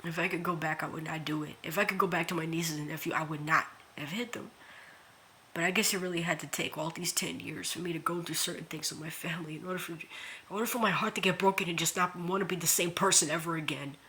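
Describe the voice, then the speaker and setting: A woman speaking an earnest, emotional confessional monologue into her phone, halting and repeating herself, near tears. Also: fairly low pitch, fairly even intonation, bright, forceful tone, slight background noise. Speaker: vlogger.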